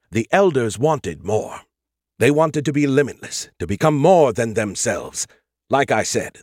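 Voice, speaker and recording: A man's voice: medium pitch, a little mellow, slightly rough, dry recording, studio quality. A man voicing a condescending, know-it-all male AI in an audiobook, lecturing and sarcastic. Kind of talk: audiobook character voice.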